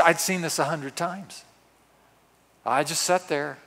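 A man's voice: on the high side, slow, long pauses. Dramatic preacher man in a reverberant hall. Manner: dramatic, swinging from hushed asides to loud exclamations. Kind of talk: storytelling sermon. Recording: long reverb of a large hall.

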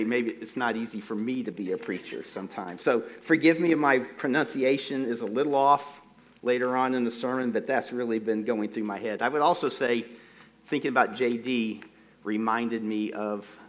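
Middle-aged pastor at the pulpit mic, mid-pitched man, deliberate emphasis with homey humor. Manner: slow, deliberate emphasis on key phrases; folksy, self-deprecating asides. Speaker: preacher. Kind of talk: sermon. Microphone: microphone.

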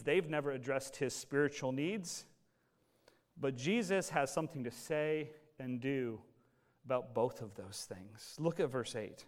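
A male pastor delivering a lively, conversational sermon, his voice sitting a bit high for a man. He animates the passage by slipping into quoted voices, rising and falling in pitch and loudness as he builds his points.

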